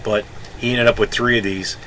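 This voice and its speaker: A man's voice: lowish voice, fairly even intonation, a little fast, pushed and bright, slight background noise, low-quality recording. A man in his sixties, a Navy veteran telling a rambling story casually, often correcting himself. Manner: rambling, self-correcting, chatty.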